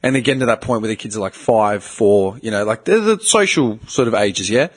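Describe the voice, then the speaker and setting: A young man hosting a podcast, talking in a casual, animated, swearing way and mimicking other people in quoted voices. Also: lowish voice, a little fast. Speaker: podcast host.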